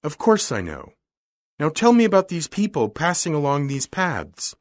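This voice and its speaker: A man's voice: on the high side, wildly swooping pitch, normal speed, dry recording, pitched above the performer's own voice. A man voicing a wealthy, bored young woman who speaks in a cool, refined, weary way.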